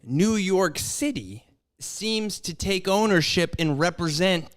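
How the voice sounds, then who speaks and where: A man's voice: high voice, lively intonation, takes it slowly, a bit bright. A man co-hosting a podcast, riffing in a rambling, profane way. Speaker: podcast co-host. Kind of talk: casual chat.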